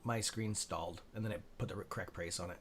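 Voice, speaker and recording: Excitable, swearing trading-stream host, a man. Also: sits low, fast, a little hiss or hum. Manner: excitable, profane, talks to viewers by nickname; mutters asides to himself under his breath. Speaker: stock trading livestream host. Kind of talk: live-streamed market commentary, reading chat.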